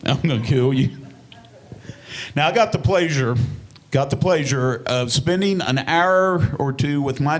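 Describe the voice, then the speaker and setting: A man telling a stand-up comedy story in a folksy, plain-spoken way, with deadpan punchlines. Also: fairly high pitch.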